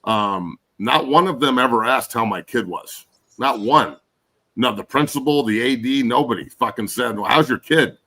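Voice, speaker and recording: A man's voice: mid-range voice, normal speed, pushed and bright, low-quality recording. A man in his forties, a guest and former pro football player, ranting angrily and cursing in casual podcast chat. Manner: angry, profane ranting.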